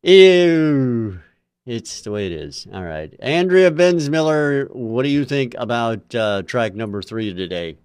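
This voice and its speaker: A man's voice: mid-range voice, big pitch swings, normal speed, hardly any pauses, clear, resonant tone, no room sound. A man hosting a music review panel, handing over to guests with wry, dry teasing. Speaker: show host. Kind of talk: moderating a panel.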